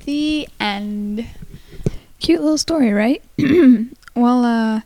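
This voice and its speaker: Young woman, amateur storyteller, halting read with frequent slips. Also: a little high, warm tone, a little hiss or hum. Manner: halting, stumbles and apologizes. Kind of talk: casual read-aloud of a folktale.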